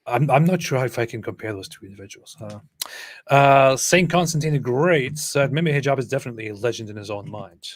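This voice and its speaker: A man co-hosting a casual livestream, reading out viewer chats and talking in a hesitant, soft-spoken way with frequent chuckles. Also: medium pitch, expressive, brisk.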